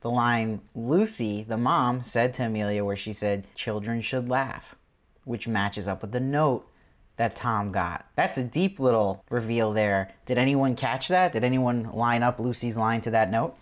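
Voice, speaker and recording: A man's voice: medium pitch, moderate pace. A man hosting his own TV review show, talking casually through an episode and quoting characters in passing. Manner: animated, quotes characters in passing. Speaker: TV review host.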